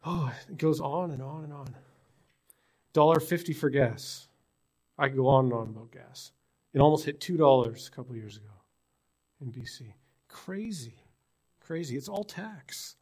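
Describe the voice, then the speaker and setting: A pastor hailing from British Columbia, Canada, talks his Newfoundland congregation through a sermon, conversationally asking rhetorical questions. His mid-range voice is husky and slightly mellow, with lively intonation, a moderate pace, and long pauses.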